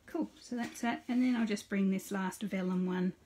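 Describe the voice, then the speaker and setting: A woman's voice: mid-range voice, normal speed, warm tone, a little hiss or hum. A middle-aged woman hosting a casual live card-making demonstration. She chats with viewers by name and narrates each step aloud.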